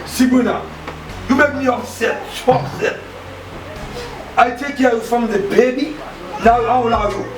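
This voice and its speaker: A man's voice: very high voice, moderate pace, long pauses. An emphatic Bahamian father. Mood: upset, pleading. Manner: emphatic, repeats himself, broken grammar. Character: adult man, a hot-tempered but doting father. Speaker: actor in a low-budget feature film. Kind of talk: naturalistic film acting. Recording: roomy, distant, with background noise.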